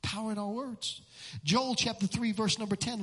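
A middle-aged man preaching a sermon as pastor, fervent and repetitive, building up to shouts. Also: high-pitched, steady tone, normal speed, breathy edge. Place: church sanctuary. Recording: long hall reverb in a church.

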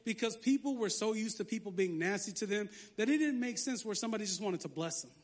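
A man pastor preaching a lively sermon, joking and sarcastic between scripture readings. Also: sits high, quick pace.

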